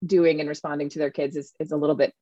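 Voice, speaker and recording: A woman in her thirties, an author, chatting in an interview with an animated manner and plenty of fillers. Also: sits low, quick pace, dry recording. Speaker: author and guest. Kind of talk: casual interview conversation. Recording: dull, lo-fi sound.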